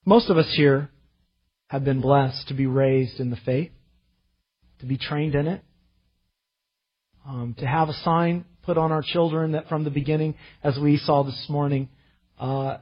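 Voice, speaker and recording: A male pastor preaching a sermon, impassioned and slowing down to stress the scripture he reads, heard in a church. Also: on the high side, steady tone, slightly rough, dull audio. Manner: impassioned, slows to emphasize scripture.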